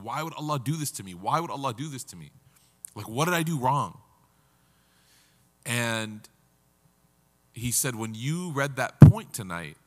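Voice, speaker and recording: A man, a religious teacher telling a moving story in an earnest, halting way, his voice breaking with emotion. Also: mid-range voice. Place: community center hall. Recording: reverberant lecture hall.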